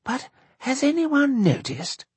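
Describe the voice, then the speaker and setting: A man voicing a gentle, fretful lanky editor who speaks softly and hesitantly, for an audiobook. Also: a little high, huge pitch swings, measured pace, creaky, husky, no echo, voice pushed up, exaggerated voice. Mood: earnest. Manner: soft, hesitant, trembling. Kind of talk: audiobook narration.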